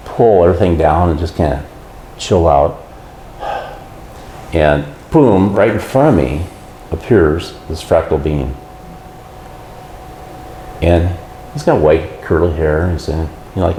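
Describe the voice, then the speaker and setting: A man guest on a talk show, telling his story in a casual, animated way and acting out the quotes. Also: sits low, reverberant, slight background noise.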